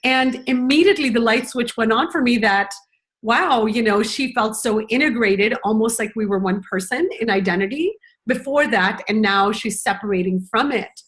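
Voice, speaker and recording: A woman's voice: on the high side, moderate pace, fairly bright tone. Reflective middle-aged woman educator. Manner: reflective, earnest, many "you know" fillers. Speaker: parenting educator. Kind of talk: conversational conference talk.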